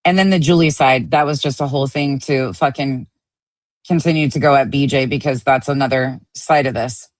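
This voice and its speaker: Female streamer, low voice, angry and foul-mouthed, dry sound. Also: normal speed, no room sound. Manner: angry, profane ranting. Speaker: online drama commentator. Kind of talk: heated livestream commentary.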